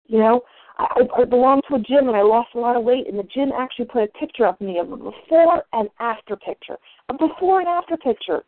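A woman's voice: a little high, no echo. A woman sharing her own story at a recovery meeting, candid and confessional. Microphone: phone call. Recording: phone-line audio.

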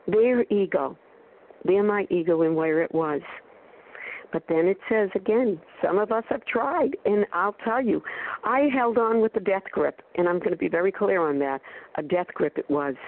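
A woman's voice: on the low side, moderate pace. Emphatic woman on a phone line. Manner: emphatic, stresses single words. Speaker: meeting participant sharing. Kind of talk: personal share at a phone recovery meeting.

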